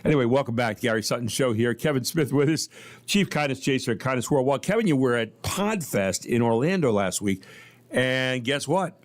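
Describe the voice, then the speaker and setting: A male talk radio host with an ordinary mid-range voice. He chats casually and jokes between segments, with quick offhand asides. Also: medium pitch. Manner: jokey, animated, quick asides.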